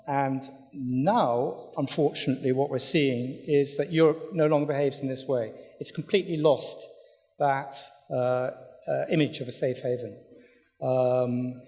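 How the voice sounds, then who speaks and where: A middle-aged man giving a thoughtful conference talk, pausing often with fillers and restarts. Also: mid-range voice, fairly even intonation, darkish tone. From Britain. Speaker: conference speaker, newspaper editor. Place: hotel conference hall. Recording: reverberant conference hall.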